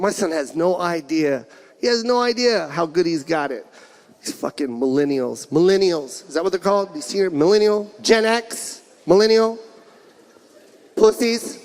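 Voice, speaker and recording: A man doing stand-up in a theater, yelling in a rapid mock interrogation over a laughing crowd. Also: high-pitched. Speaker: stand-up comedian. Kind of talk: stand-up routine. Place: large theater with live audience. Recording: live show with crowd noise.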